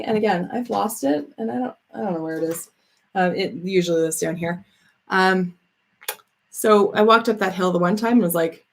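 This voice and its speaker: A woman's voice: on the low side, gravelly. A woman hosting a casual live chat, answering viewer comments in a rambling, chatty way with frequent laughs and fillers. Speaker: host of a live chat stream.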